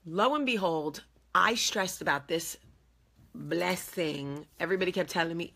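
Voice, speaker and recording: A woman with a husky, slightly low voice tells a personal story as the host of her own show. She sounds bright and forceful, and she is candid and animated throughout. She acts out the lines of the people in her story. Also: moderate pace.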